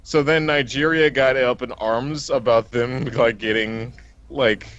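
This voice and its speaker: A man's voice: medium pitch, steady tone, measured pace, fairly bright tone, highs cut off. A man telling a long anecdote in casual chat on a game stream, rambling and often breaking into laughter mid-sentence. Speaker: let's play co-host.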